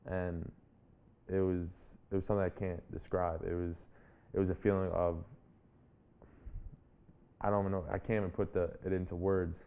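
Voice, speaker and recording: As a guest in an interview, a young public speaker and author in his twenties reflects earnestly on a personal story, often restarting what he's saying. His low, warm, clean voice has little pitch movement, a moderate pace and frequent pauses, with the highs cut off.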